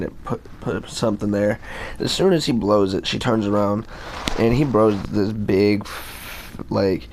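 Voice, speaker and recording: A man's voice: lowish voice, darkish tone, slight background noise. A young man telling a school story in a rambling, laid-back way, full of fillers and swearing. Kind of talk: casual storytime.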